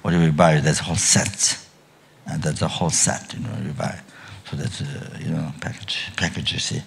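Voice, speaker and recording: An older man giving a Buddhist dharma talk at a retreat, speaking haltingly with many restarts and trailing phrases, often coughing and clearing his throat. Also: rumbling low, flat delivery, a little hiss or hum. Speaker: Buddhist teacher.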